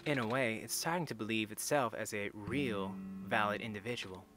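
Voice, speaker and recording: Man reading as a calm robot explainer. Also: fairly low pitch, normal speed, music in the background, lightly acted. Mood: solemn.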